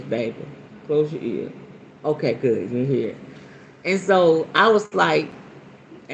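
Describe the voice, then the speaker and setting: A woman's voice: low-pitched, lo-fi sound, a little hiss or hum. A middle-aged woman hosting a casual live stream about spiritual practice. She jokes bawdily, laughs often and chats with viewers by name. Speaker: spiritual practitioner and show host.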